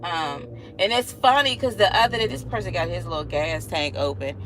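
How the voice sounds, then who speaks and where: A woman in her thirties chatting casually to her viewers, animated and laughing often as she acts out what people said. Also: lowish voice, moderate pace, slight background noise. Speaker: vlogger. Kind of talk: casual storytelling chat.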